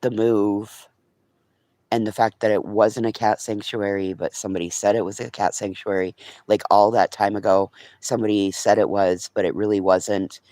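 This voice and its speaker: Low-voiced man chatting casually. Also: flat delivery, normal speed, darkish tone, dry recording. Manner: rambling, talks to his pets and chat viewers. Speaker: vlogger. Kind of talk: casual live-stream chat.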